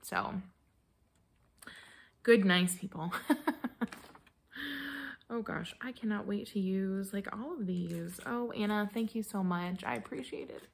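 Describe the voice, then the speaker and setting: A woman's voice: mid-range voice, takes it slowly, vocal fry, long pauses. A woman knitting vlogger chatting casually and gushing, with lots of fillers and restarts. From American Midwest. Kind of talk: casual chat.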